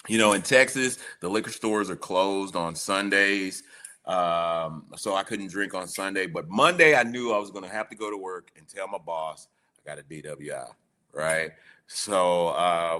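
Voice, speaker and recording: A man as a podcast guest, telling a personal recovery story in an animated way. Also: deep voice. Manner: animated storyteller, acting out quoted voices.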